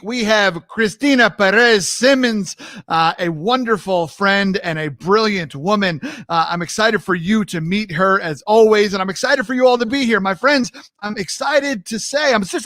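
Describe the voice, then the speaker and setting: A young man hosting a livestream talk show from his home mic, energetic and hypey, greeting viewers by name and riffing casually. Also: high voice, no echo, clean studio sound. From New York. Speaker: host.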